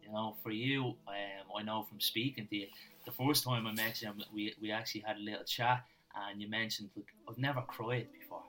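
Earnest host, lowish bright voice. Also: male voice, little pitch movement, faint music behind, low-quality recording. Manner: earnest, halting questions full of fillers. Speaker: podcast host. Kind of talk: casual podcast interview.

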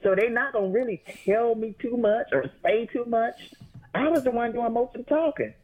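A woman phoning in as a guest writer, talking excitedly and rambling as she tells her story. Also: fairly high pitch, moderate pace. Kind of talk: casual phone interview. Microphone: phone. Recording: tinny phone line.

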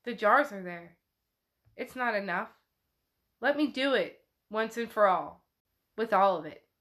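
A woman's voice: medium pitch, animated, measured pace, a bit bright. A woman voicing a distraught, haunted man in a casual book retelling, urgent and pleading. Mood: agitated.

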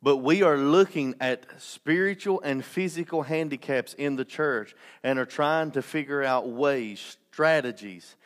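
A man's voice: mid-range voice, measured pace, hardly any pauses. A man preaching a sermon as pastor, impassioned, with restarts and joking asides.

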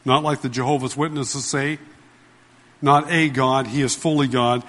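A man delivering a sermon in a slightly high voice, pressing his points with repeated phrases and questions to the congregation. His words ring out with a long reverb, as if carried through a large hall. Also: moderate pace, fairly bright tone. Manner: emphatic, asks the congregation questions; repeats key phrases, addresses listeners as "dear ones". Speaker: pastor.

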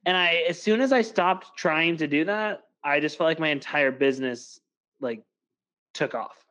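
A man's voice: on the high side, normal speed, fairly bright tone. A young man co-hosting a podcast, chatting casually and telling stories, with lots of filler "like". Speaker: podcast co-host. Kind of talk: casual chat.

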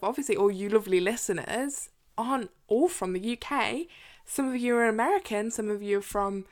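A woman's voice: medium pitch, fairly quick. A young English woman with an English accent, co-hosting a casual book podcast, chatty, with many fillers and frequent laughter. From England. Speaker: podcast co-host.

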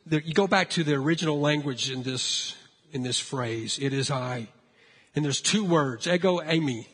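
A man preaching a sermon, telling a story with lively acted-out voices. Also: high-pitched, slightly rough, long reverb tail. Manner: animated storytelling, acting out frightened voices. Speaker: pastor.

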